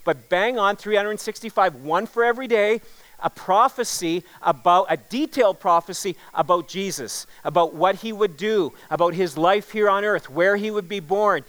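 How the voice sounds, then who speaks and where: A man's voice: sits high, fairly bright tone, clean tone. A man preaching a sermon as pastor, earnest and emphatic, repeating key words for weight.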